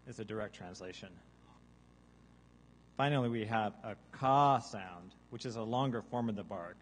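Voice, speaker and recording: A man giving a deadpan mock science lecture to a live audience, now and then breaking into loud seagull caws and zombie groans. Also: on the low side, normal speed, rough recording. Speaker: guest artist presenting research. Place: large hall with a live audience.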